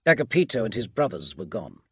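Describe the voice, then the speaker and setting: Husky man narrating a bedtime audiobook. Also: fairly low pitch, very animated, fast, no room sound, studio quality.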